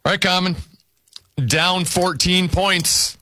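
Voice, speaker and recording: A man hosting a word game show, briskly announcing scores and clues. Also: high voice, steady tone, sharp tone, no room sound.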